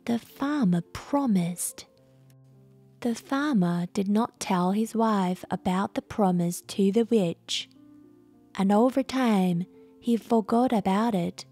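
A woman reads a fairytale aloud at a very slow, soothing bedtime pace. Soft music plays quietly behind her. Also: mid-range voice. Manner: very slow, gentle pacing. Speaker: storyteller. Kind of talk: slow bedtime story narration.

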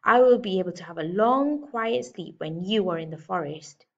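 A woman's voice: medium pitch, expressive, moderate pace, creaky. Grumpy growling bossy bear, as a woman reads it. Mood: cross. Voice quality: growling, grumbling. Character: grumpy, bossy male bear wanting sleep. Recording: slightly dull lo-fi recording.

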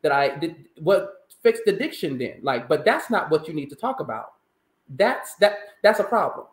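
Animated man in a roomy, echoey space. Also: on the high side, moderate pace. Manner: animated storyteller, emphatic. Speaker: countertenor singer, interview guest. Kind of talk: conversational interview. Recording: roomy echo.

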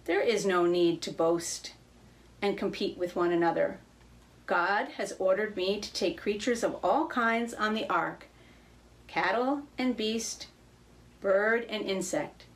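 A woman reading a calm, fatherly old patriarch. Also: medium pitch, takes it slowly, lightly acted. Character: kind wise old man, ark builder.

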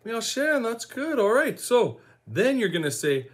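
With a high, sing-song and husky voice, a man from Saskatchewan, Canada, gives a slow, encouraging language lesson. He repeats each word for learners to echo back.

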